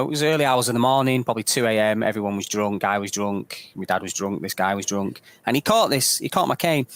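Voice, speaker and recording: A man, a podcast guest, telling stories in a casual chat, often pausing with ums. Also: mid-range voice. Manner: hesitant, with frequent ums.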